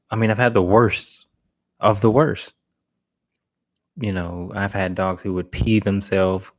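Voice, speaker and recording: Blunt, low-voiced male dog trainer. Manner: blunt, casual, frequent restarts. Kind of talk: live Q&A talk.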